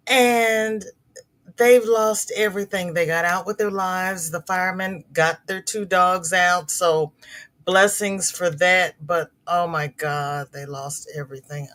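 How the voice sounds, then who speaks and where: A woman's voice: fairly low pitch, fairly bright tone. A middle-aged woman hosting a crochet livestream, chatting casually with viewers and reading their comments, sympathetic and prone to repeating words.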